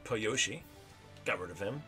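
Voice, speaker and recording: A man hosting a gaming channel, reacting excitedly while commenting on gameplay. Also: fairly low pitch, measured pace, soft background music.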